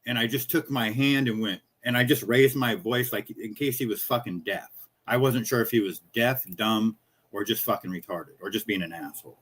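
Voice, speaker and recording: A man's voice: medium pitch, normal speed, fairly bright tone, breathy edge. A man in his fifties, a small-business chocolatier, ranting casually in a profane, rambling, indignant way. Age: 50s.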